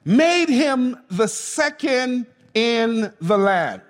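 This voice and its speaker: A man's voice: extremely high pitch, big pitch swings, drawn-out words, big-room sound. A man preaching a sermon as pastor, speaking emphatically and calling on the congregation to respond. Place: church.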